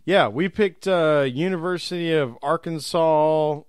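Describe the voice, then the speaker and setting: A man's voice: a little high, unhurried, clean tone, no room sound, clean studio sound. A man co-hosting a racing podcast in casual, joking banter with frequent laughs. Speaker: podcast co-host. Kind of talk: casual chat.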